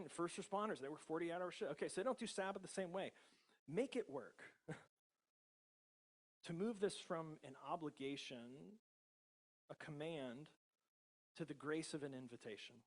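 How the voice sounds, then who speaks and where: Here the pastor sounds a little high and brisk. An American man preaching in a relaxed, chatty style, he chuckles often and peppers the congregation with tag questions.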